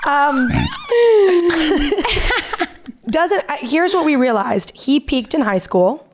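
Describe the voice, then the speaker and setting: A woman's voice: high voice, drawn-out words, slight background noise. A woman in her thirties, co-hosting a podcast, telling a story in casual chat and acting out what people said. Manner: animated storytelling, acting out quotes. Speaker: podcast co-host.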